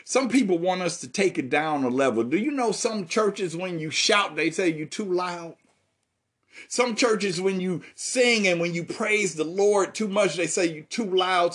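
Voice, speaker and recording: Husky-voiced man preaching a folksy sermon. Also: high voice, a bit bright. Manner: folksy preaching, reads scripture aloud, asks the congregation questions. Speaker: pastor.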